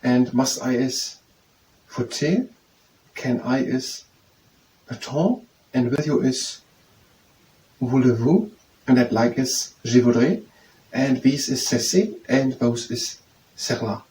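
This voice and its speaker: A man reading aloud from a study text and practicing phrases, slow and hesitant, repeating words to get them right. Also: mid-range voice, a little mellow. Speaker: self-study video host. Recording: roomy echo from a distant mic with faint noise.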